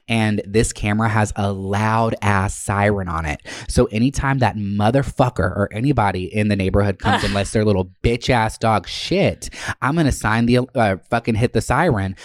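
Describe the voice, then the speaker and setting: A man's voice: fairly low pitch, dry recording, studio quality. A man telling a story in a casual, profane and exasperated rant.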